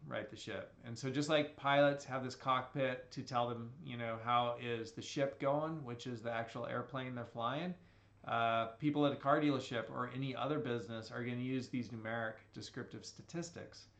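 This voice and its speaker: A male statistics teacher with a slight Southern twang gives a recorded lecture in a loose, conversational way. He repeats key phrases and keeps checking in with the listener. His voice sits at an ordinary pitch and carries an echo from the room around him. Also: fairly bright tone, muffled recording. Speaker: statistics instructor. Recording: echoey room.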